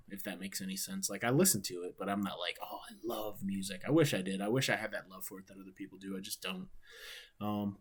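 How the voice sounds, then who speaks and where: A man from Ohio, speaking, chatting casually and rambling on a livestream while answering viewer questions. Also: fairly low pitch. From Ohio, USA. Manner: laid-back, rambling, swears freely. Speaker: wrestler streaming and watching his matches.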